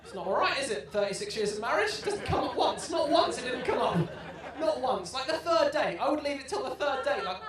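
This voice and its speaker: A young man in his twenties doing a stand-up comedy set, telling self-deprecating stories and bursting into loud shouted punchlines. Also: extremely high pitch, sing-song, brisk, a crowd in the background. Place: comedy club stage with live audience. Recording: roomy live venue sound. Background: audience laughter.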